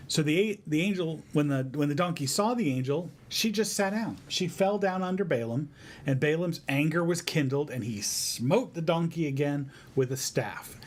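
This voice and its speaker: A man retelling a Bible story to his son in a family devotion, in a lively, conversational way. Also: fairly high pitch, normal speed. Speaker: father teaching his son.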